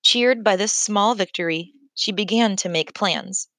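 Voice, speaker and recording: A woman narrating a children's book in a measured, clear storytelling manner. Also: mid-range voice, fairly bright tone, no echo. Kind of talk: scripted audiobook narration.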